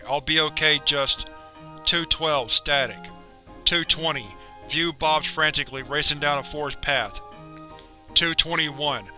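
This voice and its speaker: A man reading a horror log as a narrator, measured and clinical. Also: fairly high pitch, bright, forceful tone. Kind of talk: scripted narration of a horror document.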